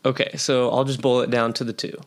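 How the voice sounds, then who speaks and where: A man appearing as a guest on a movie chat, mostly quiet and brief. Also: medium pitch, flat delivery, a little fast. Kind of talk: casual chat.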